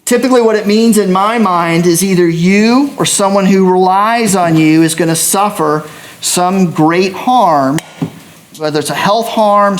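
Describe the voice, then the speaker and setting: Measured judge addressing jurors. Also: male voice, sits high. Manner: measured, explanatory. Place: courtroom.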